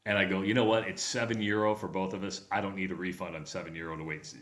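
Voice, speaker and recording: A man's voice: deep voice, little pitch movement, fast talker, fairly bright tone, echoey room. A man co-hosting a radio show, telling a travel story in casual chat and acting out the voices of people he quotes. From Nebraska.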